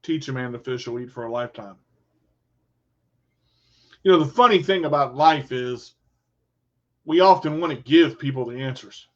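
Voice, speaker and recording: A man telling a casual, animated story in folksy phrasing, acting out what people said. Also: fairly high pitch. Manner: animated storyteller, acts out quotes. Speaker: vlogger. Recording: dull lo-fi sound.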